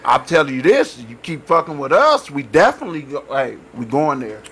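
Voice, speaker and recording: A man's voice: mid-range voice, very animated, fairly quick, fairly bright tone, slightly rough. A man, a guest on a casual podcast, speaking in an earnest, laid-back way. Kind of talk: casual chat.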